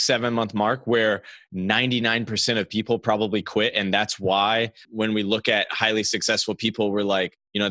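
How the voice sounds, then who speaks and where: Bright-voiced male podcast host. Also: fairly low pitch, no echo. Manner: earnest, encouraging questioner. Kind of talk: interview questions.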